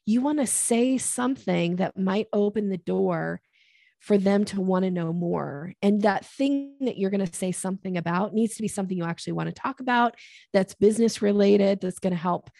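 Woman guest on a podcast, bit of vocal fry, dry close mic, acts out little voices when she explains stuff. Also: mid-range voice, normal speed, no room sound. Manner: animated, acts out quoted voices. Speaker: podcast guest, sales coach. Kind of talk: casual podcast interview.

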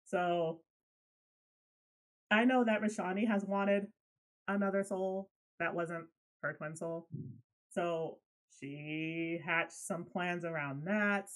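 A woman co-hosting a casual spiritual podcast chat, animated, laughing often and swearing when riled up. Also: lowish voice, takes it slowly, rough recording. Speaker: podcast co-host.

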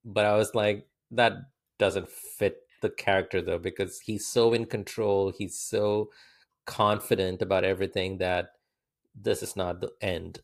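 A man co-hosting a podcast, chatting casually about a film, animated and quick to laugh. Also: low-pitched, gravelly. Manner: animated, laughs often, quotes lines in put-on voices. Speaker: podcast co-host.

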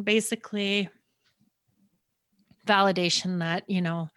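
A woman's voice: lowish voice, dry recording. Earnest woman, close and dry. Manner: earnest, quick, stumbling over words. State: near tears. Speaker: podcast host telling her own story. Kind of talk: emotional personal storytelling.

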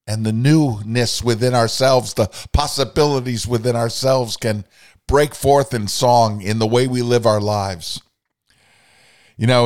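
A man's voice: lowish voice, no echo, clean studio sound. An older man hosting a podcast, speaking in an earnest, reflective monologue and quoting passages aloud with feeling. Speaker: podcast host.

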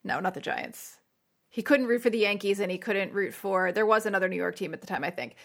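A woman co-hosting a movie podcast, chatting in a relaxed, jokey way. Her pitch sits in a middle range. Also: a little fast, vocal fry. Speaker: podcast co-host. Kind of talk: casual chat.

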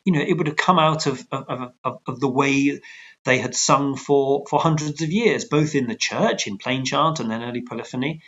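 Guest: male choral conductor, animated and digressive, muffled video-call sound. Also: mid-range voice, moderate pace. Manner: animated, digressive, with lively asides. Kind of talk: conversational explaining.

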